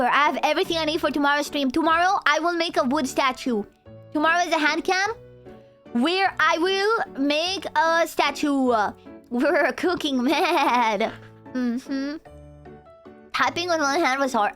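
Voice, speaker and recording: A woman streamer chatting casually with her viewers, rambling and excitable, laughing often and saying "dude" a lot. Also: high voice, moderate pace. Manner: laughs often, trails off into restarts. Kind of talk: casual livestream chat with viewers. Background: faint background music.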